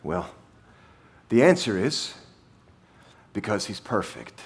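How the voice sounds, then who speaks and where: Slow, animated male preacher. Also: fairly low pitch. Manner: emphatic, repeats key phrases for weight. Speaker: pastor. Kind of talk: sermon with scripture reading.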